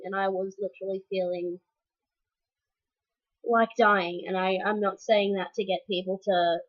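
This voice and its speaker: A young woman speaks frankly to her viewers in a personal vlog update. She talks at an ordinary middle pitch, pausing with fillers and restarting her sentences. The webcam sound is a little dull and lo-fi. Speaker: vlogger.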